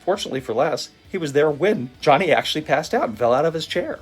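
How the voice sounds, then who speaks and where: A man telling a motivational story in a vivid, animated storytelling manner. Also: fairly high pitch, fast talker, slightly rough. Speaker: motivational speaker. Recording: faint guitar music behind. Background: soft guitar music.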